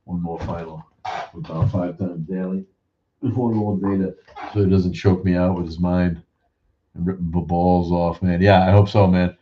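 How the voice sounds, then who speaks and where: A man hosts a loose live chat show with a low, deep voice. He jokes and swears freely, drifting into rambling asides. The sound is muffled and lo-fi. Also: fairly even intonation, moderate pace, a little hiss or hum. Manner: joking, profane, rambling asides. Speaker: show host. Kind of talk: casual livestream chat.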